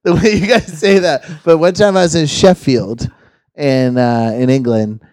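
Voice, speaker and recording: A man's voice: fairly high pitch, steady tone, measured pace, darkish tone, no echo. A man, telling stories in casual chat and swearing freely. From Georgia, USA. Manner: laid-back storyteller, swears freely.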